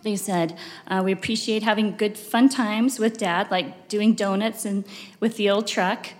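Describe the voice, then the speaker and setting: A woman in her fifties giving a talk at a church meeting, rambling and emotional, with many fillers and pauses. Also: medium pitch, steady tone, darkish tone. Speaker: church speaker. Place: church chapel. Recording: long reverb of a chapel hall.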